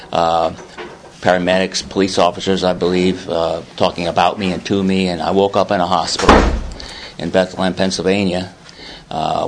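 A man giving a personal testimony at a recovery meeting, earnest and halting with many fillers. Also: sits low, a little hiss or hum. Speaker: AA speaker.

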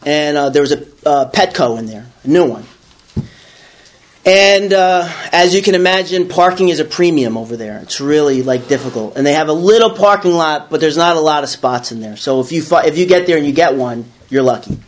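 A man's voice: a little high, a little fast. A man from the Bronx telling a personal story to listeners, acting out the voices in his head. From the Bronx, New York. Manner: animated, acts out his own inner voice. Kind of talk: storytelling to a small audience.

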